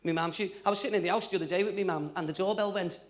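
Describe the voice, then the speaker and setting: A man's voice: high-pitched, steady tone, racing. A man with a Liverpool accent doing a chatty stand-up comedy routine, stumbling over restarts between punchlines. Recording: echoey live theatre, loud audience laughter.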